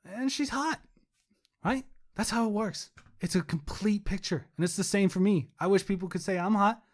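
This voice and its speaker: Chatty joking man with a higher voice. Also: moderate pace. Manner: rambling, joking, swearing, self-mocking. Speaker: podcast co-host. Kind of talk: casual podcast chat.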